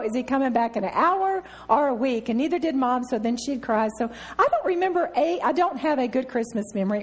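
Woman, middle-aged, Bible study teacher, story-driven and giggly, pitched a bit high. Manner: laughs often while telling stories.

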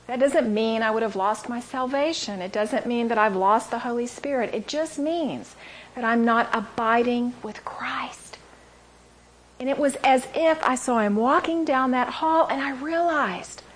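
A woman teaching a sermon, telling stories with animated delivery and dropping into near-whispers for emphasis. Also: high voice, a little hiss or hum. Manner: animated storytelling, acting out quotes, dropping to a whisper. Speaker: Bible teacher. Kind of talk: sermon to a women's audience.

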